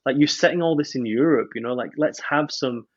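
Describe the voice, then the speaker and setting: A man's voice: mid-range voice, a little fast, lo-fi sound. A man reviewing a film on a podcast in casual chat, rambling with many restarts.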